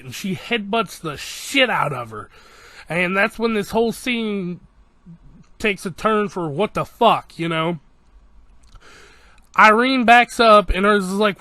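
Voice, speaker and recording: A man giving a casual, excited episode recap as an anime reviewer, swearing freely and acting out scenes. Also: sits high, a little slow, no room sound.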